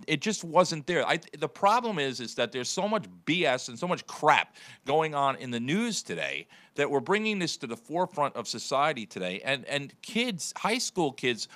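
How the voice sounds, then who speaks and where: A man hosting a morning radio show talks with bouncing, animated pitch and plenty of laughs. His voice is bright and forward. The studio sound is dry, with no room echo. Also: normal speed. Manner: animated, chatty, laughs often. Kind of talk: casual talk radio banter.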